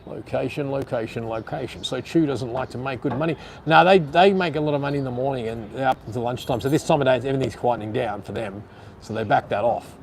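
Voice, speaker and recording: A man's voice: mid-range voice, quick pace, gravelly, a little hiss or hum. An Australian man live streaming outdoors in a city on a phone gimbal, rambling bluntly and swearing casually while reading out chat comments.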